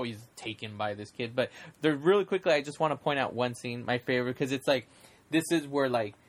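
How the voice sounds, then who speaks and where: A man in casual movie chat, rambling with many fillers and acting out scenes in quick put-on voices. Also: mid-range voice.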